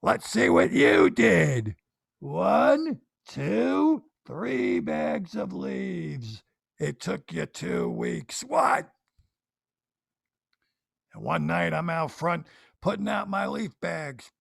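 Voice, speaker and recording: A man's voice: fairly high pitch, lively intonation, slow, creaky, long pauses, fairly bright tone, dry recording, studio quality, exaggerated voice. Man doing Monty Belligerent, a grumpy ranting guy. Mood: exasperated. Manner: exasperated ranting. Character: grumpy suburban man jealous of his handy neighbor. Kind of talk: stand-up style comic rant.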